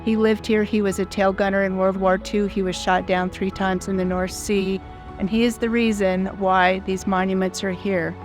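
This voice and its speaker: A woman's voice: medium pitch, little pitch movement, normal speed, faint music behind. A woman in her sixties telling a personal story as a foundation founder, in an earnest, heartfelt, plain-spoken way. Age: 60s.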